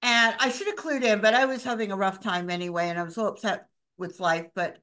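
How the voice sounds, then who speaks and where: A woman's voice: mid-range voice, fairly quick, fairly bright tone. A middle-aged woman on a talk panel, telling a rambling personal story in casual chat over a video call. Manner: chatty, rambling personal anecdote.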